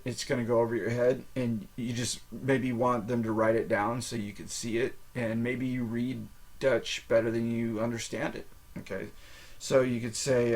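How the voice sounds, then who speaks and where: An American man hosting a podcast, talking through practice phrases in a casual, halting way and repeating them often. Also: medium pitch. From United States. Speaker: podcast host. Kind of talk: casual language-learning monologue.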